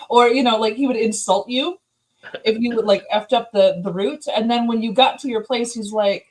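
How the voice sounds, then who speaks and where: A woman chatting casually over drinks, animated and giggly as she tells stories. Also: on the high side, fairly quick, low-quality recording. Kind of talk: casual chat over beers.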